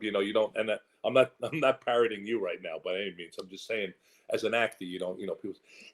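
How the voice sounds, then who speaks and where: A man with a lowish voice tells stories from his acting career in a candid interview. He rambles through restarts and asides, then jumps into quoted voices with lively energy. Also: quick pace. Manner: animated storyteller who slips into quoted voices. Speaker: actor and guest.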